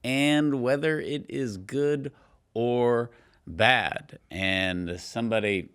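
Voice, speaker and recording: A young Texan man hosts a podcast in a medium-pitched, slightly bright voice that sounds clear and resonant. He chats casually, teases his co-hosts, jokes around and laughs easily.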